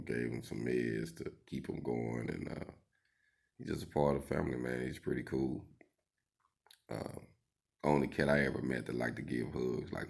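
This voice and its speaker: Very deep gravelly laid-back man. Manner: laid-back, rambling, full of fillers. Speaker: welding instructor. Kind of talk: casual vlog storytelling.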